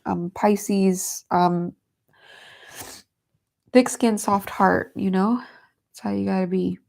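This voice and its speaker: Tearful and earnest, the host of a Christian livestream reads scripture aloud and talks emotionally while holding back tears. She speaks slowly at a medium pitch with a steady tone, and her voice is gravelly and a little mellow.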